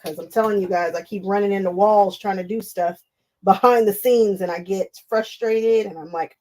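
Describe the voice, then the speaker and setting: A woman's voice: mid-range voice, fairly even intonation, moderate pace, a little mellow, rough recording. Woman, casual livestream chat, talkative, laughs often, sewing machine behind. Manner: chatty, talks to viewers, laughs often. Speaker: livestream crafting host.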